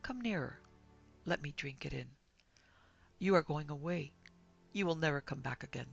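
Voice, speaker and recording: Woman doing a disfigured blind guy, quiet and creepy, gravelly low voice, horror story reading. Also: moderate pace, muffled recording, faint music behind, heavily acted. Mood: pleading. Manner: quiet, menacing, coaxing. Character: bitter disfigured blind man taking revenge.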